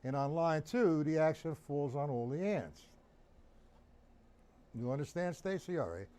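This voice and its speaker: A man's voice: on the high side, lively intonation, measured pace. A man giving a drum lesson on a live stream, counting beats aloud and asking viewers by name whether they follow. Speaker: drum teacher. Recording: loud drumming behind the voice.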